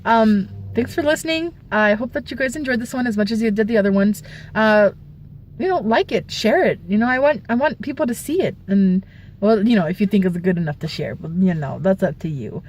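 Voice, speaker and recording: A young woman vlogger telling a story casually, animated, with squeals and shrieks as she retells it. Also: mid-range voice, a little fast, slight background noise.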